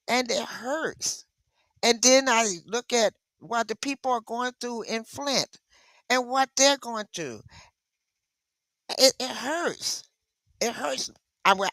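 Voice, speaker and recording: Animated woman live streamer, bright tone. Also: mid-range voice, dry recording. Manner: emotional, animated, reacting to viewer comments. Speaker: live stream host reading chat. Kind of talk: casual live stream chat.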